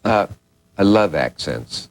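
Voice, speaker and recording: A man's voice: fairly low pitch, animated, slow, no echo, poor audio. A man hosting a talk show, asking playful, teasing questions in casual chat.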